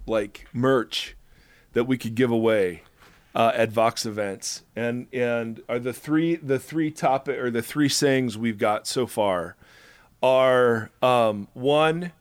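A man's voice: mid-range voice, slow, no room sound. A man hosting a casual faith podcast, upbeat and joking with his co-hosts, then ending the episode with a spoken blessing. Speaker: podcast host.

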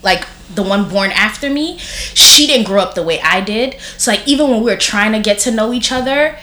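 A woman's voice: medium pitch, expressive, brisk, pushed and bright. A woman in her thirties telling family stories in casual chat. She is blunt and profane and says "like" constantly. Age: 30s. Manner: blunt, profane, heavy use of filler "like". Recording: roomy echo.

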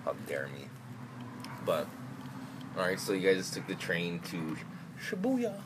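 A man with a low voice hosts a podcast from a car, chatting casually and unhurriedly, joking and swearing now and then, with background noise audible.

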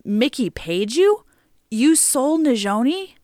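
A woman voicing a caring, level-headed woman who speaks gently and reassuringly in an audiobook story. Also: sits high, big pitch swings, takes it slowly, no room sound, clean studio sound, voice pushed up, heavily acted. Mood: shocked.

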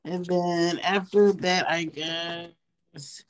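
Low, unhurried woman, casual podcast chat. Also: fairly even intonation. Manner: laid-back, swears casually, quick agreeing replies. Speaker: podcast co-host.

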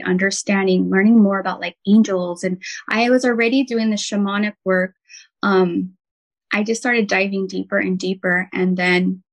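An earnest woman telling her own story in conversation, her voice carrying a light vocal fry at the ends of phrases. She sits in the middle of the usual female range and speaks in a heartfelt, unpolished way, full of "um" and "like". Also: mid-range voice, poor audio. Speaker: podcast guest, intuitive healer and nurse.

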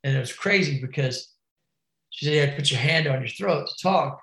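A man's voice: a little high, a little fast, fairly bright tone, reverberant, low-quality recording. A man telling a wild crash story in casual, profane slang, calling the listener bro and dude. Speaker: podcast guest, BMX rider.

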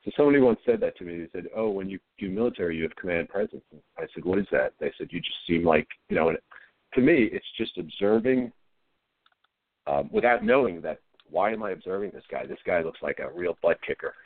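Fast and animated, this middle-aged actor guest responds casually to an interview in a deep voice, still low-key and hesitant, frequently starting over mid-thought. The recording is dry and tinny, like a phone line.

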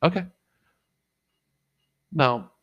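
A man's voice: drawn-out words, a bit bright, muffled recording. A middle-aged man in casual podcast chat, telling rambling, profane stories and acting out what people said. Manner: profane, rambling storyteller who acts out quotes. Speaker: podcast co-host and father.

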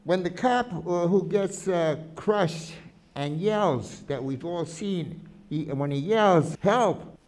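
A man's voice: fairly high pitch, slow pace. A man being interviewed about his documentary footage, talking animatedly with frequent restarts. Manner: animated, restarts often, quotes people he filmed. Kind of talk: conversational interview.

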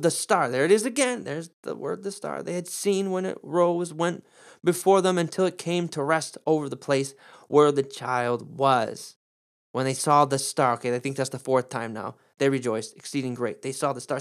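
A man, a pastor, teaching through a Bible passage on his podcast in a lively, emphatic preaching manner. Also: a little high. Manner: animated preacher, rising emphasis on key words.

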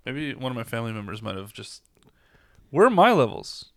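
A man's voice: medium pitch, very animated, fairly quick, gravelly, fairly bright tone, no room sound. A young man co-hosting a casual podcast, laid-back with dry short replies. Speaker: podcast co-host and editor. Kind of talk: casual chat.

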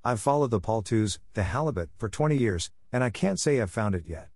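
A man's voice: fairly low pitch, animated, brisk, darkish tone, no room sound, studio quality. A man reading aloud and voicing an older male seal who gives advice in a chiding way. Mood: advising.

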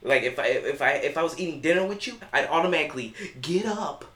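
A man trades blunt, profane opinions in a loose podcast chat. His voice is bright and forceful. The room is roomy, with a faint noise bed underneath. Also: fairly high pitch, lively intonation, fast talker. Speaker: podcast co-host.

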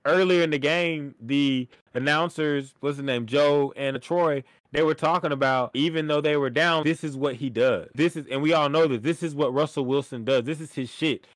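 A man's voice: fairly high pitch, moderate pace, few pauses, no echo. A man co-hosting a sports podcast, ranting animatedly and swearing freely about a coaching decision. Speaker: podcast co-host. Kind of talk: heated sports talk.

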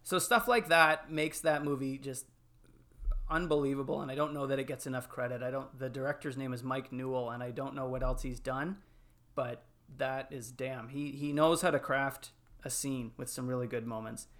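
A man in casual podcast chat, telling film moments with lots of fillers and animated retellings. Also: mid-range voice, normal speed. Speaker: podcast panelist.

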